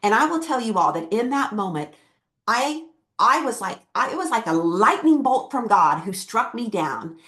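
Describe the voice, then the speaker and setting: A woman's voice: on the high side, big pitch swings, normal speed, a bit bright. A middle-aged woman hosting her own podcast, telling a personal story in an earnest, emphatic way. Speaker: podcast host and keynote speaker.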